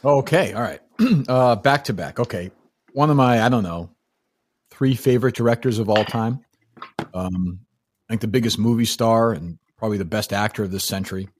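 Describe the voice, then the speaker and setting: A man's voice: fairly low pitch, normal speed, slightly rough. A man co-hosting a casual movie podcast, blunt and opinionated, rambling through his points. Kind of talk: casual movie-discussion chat.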